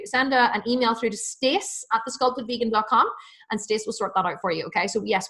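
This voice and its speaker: A woman hosting a live fitness Q&A, reading out viewers' comments and answering them in a fast, chatty, enthusiastic way with many restarts. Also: medium pitch, fairly bright tone.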